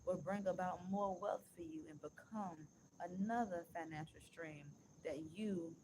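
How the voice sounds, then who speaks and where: A woman vlogger, ranting bluntly to her viewers, swearing freely and slowing down to read aloud with emphasis. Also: lowish voice, noisy background. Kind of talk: casual motivational rant to viewers.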